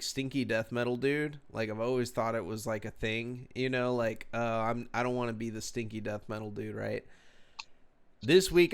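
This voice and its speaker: A man with a smooth, resonant voice tells a long, meandering story. He swears freely and keeps the tone laid-back. He sounds a little tipsy, speaking over a video call. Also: mid-range voice. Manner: profane, rambling, laid-back. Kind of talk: casual storytelling chat.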